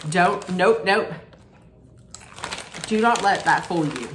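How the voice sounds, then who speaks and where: A woman's voice: on the low side, slow, long pauses, slight background noise. A woman casually unboxing and taste-testing snacks for her vlog, chatty and candid, thinking aloud as she goes. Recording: roomy echo.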